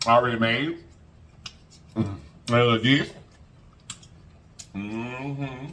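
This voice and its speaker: A man's voice: medium pitch, extremely slow, slight background noise. A man hosting a casual eating vlog, folksy and chatty, humming as he eats. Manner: lively, folksy, hums while eating. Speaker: mukbang host.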